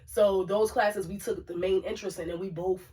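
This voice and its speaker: A woman's voice: medium pitch, steady tone, moderate pace, dark tone. A woman co-hosting a casual talk show, telling stories with lots of fillers and asides to the listeners. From Brooklyn, New York. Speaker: podcast co-host. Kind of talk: casual storytelling chat. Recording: voice a bit far from the mic.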